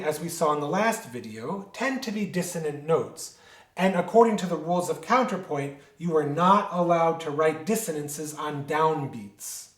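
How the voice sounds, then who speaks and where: A man giving an instructional music lecture, explaining step by step and asking himself questions before answering them. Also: high-pitched. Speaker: music teacher. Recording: roomy echo.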